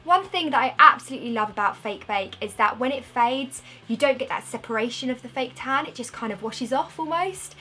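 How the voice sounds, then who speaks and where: A woman's voice: high-pitched, animated, a little fast, few pauses, bright, forceful tone. A young woman, chatting upbeat and friendly in a casual product review. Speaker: beauty vlogger.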